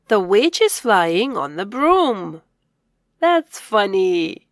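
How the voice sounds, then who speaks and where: A woman teaching young children to read. She speaks slowly and clearly, says each word aloud, then echoes it in a whisper. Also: medium pitch, very animated, studio quality. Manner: slow, clear, encouraging delivery for young learners. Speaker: reading teacher. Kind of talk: scripted children's reading lesson.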